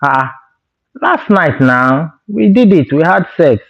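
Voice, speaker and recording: A man voicing a calm, smug young woman roommate who talks in a coaxing, dismissive way. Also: fairly high pitch, slow, gravelly, dull audio, exaggerated voice.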